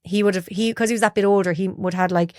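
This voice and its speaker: A woman's voice: medium pitch, fairly even intonation, fast talker, darkish tone, no room sound. An Irish woman from Galway, a broadcaster guest telling chatty stories about her life and acting out quoted dialogue. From Ireland, Galway. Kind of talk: casual storytelling interview.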